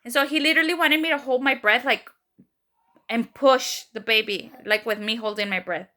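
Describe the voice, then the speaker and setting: A woman's voice: a little high, normal speed. A young woman vlogger telling a personal story casually, full of fillers, acting out what others said. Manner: animated retelling, acts out quoted voices, many fillers.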